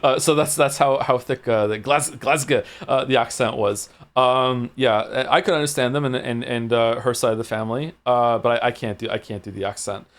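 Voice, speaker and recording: A man's voice: mid-range voice, fairly even intonation, fairly quick, hardly any pauses. A man from Wales streaming a video game, chatting casually and reading dialogue aloud, with frequent stammering restarts.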